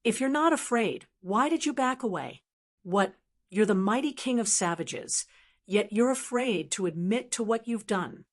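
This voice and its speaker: A woman's voice: medium pitch, lively intonation, unhurried. A woman voicing a haughty, taunting mermaid queen. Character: proud, cold mermaid queen, mocking.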